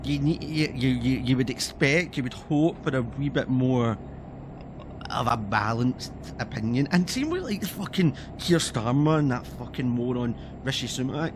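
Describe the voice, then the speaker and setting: A man's voice: medium pitch, animated, moderate pace, background noise. A man from Scotland with a Scottish accent, ranting in a casual, heated and sweary way as he streams a game. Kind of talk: casual ranting commentary while playing.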